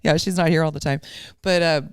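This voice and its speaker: A woman's voice: low voice, fairly even intonation, a little fast, smooth, dry recording, clean studio sound. A woman co-hosting a podcast in a casual chat, laughing easily and jumping in to finish the story. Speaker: podcast co-host.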